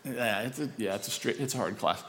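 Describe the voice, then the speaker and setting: A man giving a conversational, storytelling sermon with an animated delivery and self-deprecating chuckles. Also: mid-range voice, brisk, long reverb tail, a little hiss or hum.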